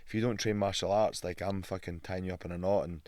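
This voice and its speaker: A young man with a Scottish accent, a podcast guest telling stories in lively casual chat and swearing freely. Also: sits low, fast talker, no room sound. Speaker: guest, fighter.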